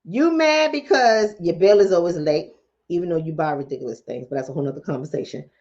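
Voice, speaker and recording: A woman's voice: on the low side, lively intonation, fast talker, darkish tone, highs cut off. A woman hosting a live stream as a psychologist, talking bluntly and preachily to her chat and hammering points home through repetition. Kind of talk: casual live-stream talk answering chat.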